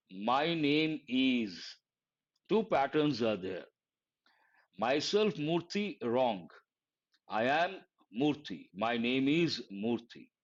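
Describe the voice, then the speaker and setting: A man's voice: medium pitch, muffled recording. A man teaching a live exam-prep lesson, repeating key words and quizzing his listeners. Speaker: English teacher.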